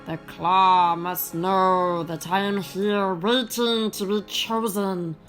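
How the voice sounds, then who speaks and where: A woman voicing a solemn little toy alien in a mobile game, speaking in a slow, drawn-out, dreamy way. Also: medium pitch, fairly even intonation, fairly bright tone, soft background music, voice pushed down. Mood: awed.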